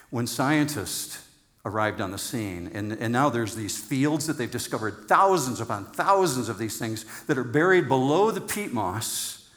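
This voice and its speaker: A middle-aged male pastor delivering a sermon in a mid-pitched, easygoing voice. He talks to the congregation like he's chatting with friends, with gentle teasing. He leans on repeated words and slows down on the phrases that matter. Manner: conversational and playful, teasing the congregation.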